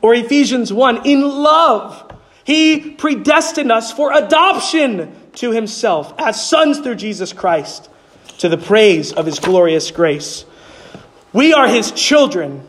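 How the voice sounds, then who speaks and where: A male pastor delivering a sermon. He asks rhetorical questions and answers them himself, and his voice climbs higher on the key points. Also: lively intonation, slow, a bit bright. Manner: emphatic preaching, voice climbing high on key points.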